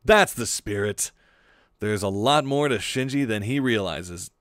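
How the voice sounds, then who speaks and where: A man's voice: lowish voice, no room sound, clean studio sound. A man doing an easygoing detective mentor. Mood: encouraging. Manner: relaxed, slow and friendly. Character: laid-back adult male detective, easygoing mentor.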